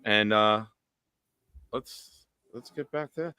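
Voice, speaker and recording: A man's voice: on the low side, slow, bright, forceful tone, clean tone, no echo, studio quality. A man hosting a livestream on a video call, chatting casually and thanking viewers. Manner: thanks viewers for gifts, conversational. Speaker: show host.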